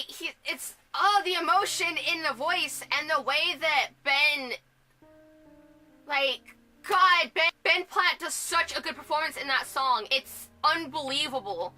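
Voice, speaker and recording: Bright, high-voiced young woman vlogger. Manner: rambling, lots of "like" and restarts. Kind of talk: casual vlog commentary.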